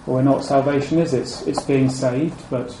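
A man preaching a sermon. He is measured and repeats key phrases, and his voice drops low and soft at the ends of phrases. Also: fairly even intonation. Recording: echoey room with faint ambient noise.

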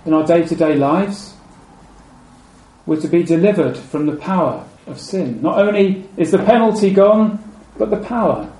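A man preaching a sermon. He is measured and repeats key phrases, and his voice drops low and soft at the ends of phrases. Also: expressive. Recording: echoey room with faint ambient noise.

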